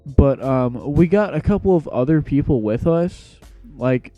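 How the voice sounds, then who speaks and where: A man's voice: mid-range voice, lively intonation, a little slow, mellow, highs cut off, soft background music. A young man casually telling a storytime tale in a slangy, rambling, laid-back way.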